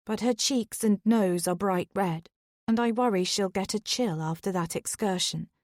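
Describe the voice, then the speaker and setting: A woman narrating a first-person thriller in a measured, even storytelling manner. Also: medium pitch, dry recording, studio quality. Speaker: audiobook narrator.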